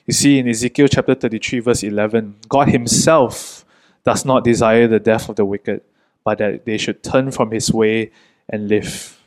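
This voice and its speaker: A man preaching a sermon in an earnest, gentle way, pausing often between short phrases. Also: on the low side, steady tone, rough recording.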